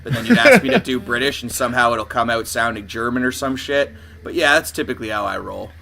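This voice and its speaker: Brief: bright, chatty guy telling stories on a comedy podcast. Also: mid-range voice, expressive, quick pace, creaky. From Canada. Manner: rambling, with frequent "uh" and laughter. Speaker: podcast co-host. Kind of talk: casual chat.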